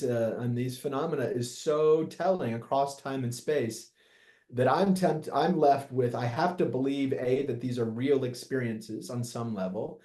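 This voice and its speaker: A man, a hospice doctor, talking thoughtfully as a podcast guest, often pausing to rephrase his ideas. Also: mid-range voice, mellow, reverberant. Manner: thoughtful, searching, self-correcting. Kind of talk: reflective interview conversation.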